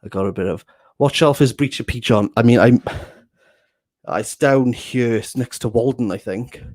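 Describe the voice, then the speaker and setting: A man's voice: mid-range voice, normal speed, darkish tone, no echo. A young man chatting casually through a bookshelf tour, rambling and joking at his own expense. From Wales. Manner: joking, rambling, self-mocking with laughs. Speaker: book vlogger. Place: small box room at home.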